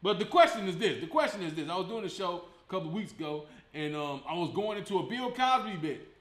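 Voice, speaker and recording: A man from Chicago hosting his comedy show, talking in an animated, profane style and laughing often. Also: high voice, fast, echoey room. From Chicago, USA. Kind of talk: casual comedic monologue.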